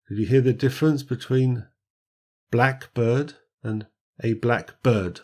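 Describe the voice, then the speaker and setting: A man teaching an English grammar lesson, reading word lists slowly with careful stress on each word. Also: medium pitch, darkish tone.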